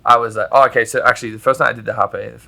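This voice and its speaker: A man with a bright, forceful voice tells a rambling personal story on a podcast, swearing freely and filling his talk with "like". His telling is animated, and he laughs a lot as he goes. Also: mid-range voice, very fast, creaky. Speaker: podcast guest. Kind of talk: casual storytelling chat.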